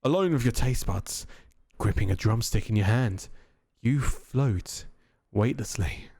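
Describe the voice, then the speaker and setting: A man streaming a dating game, reading the narration aloud and tossing in animated, casually profane asides. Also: mid-range voice, measured pace, no room sound, clean studio sound.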